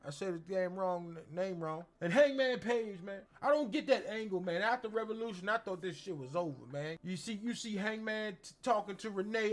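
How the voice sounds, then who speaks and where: High-voiced man with a slangy, animated recap. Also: normal speed, hardly any pauses, faint music behind. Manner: slangy, animated, acts out quotes in exaggerated voices. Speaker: wrestling show reviewer. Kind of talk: casual recap commentary.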